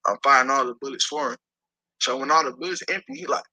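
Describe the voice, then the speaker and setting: A man tells a story in a casual interview with a husky, strained voice. His tone is piercing and tense. He talks in an animated, profane way and acts out the people he quotes. The sound is dry and close. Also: fairly high pitch, quick pace, dry recording, rough recording. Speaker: interview guest.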